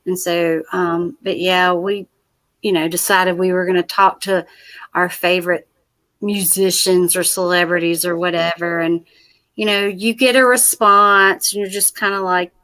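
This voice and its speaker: Southern woman call-in guest, chatty and self-deprecating, bright sharp tone. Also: on the low side, steady tone, unhurried. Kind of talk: casual chat.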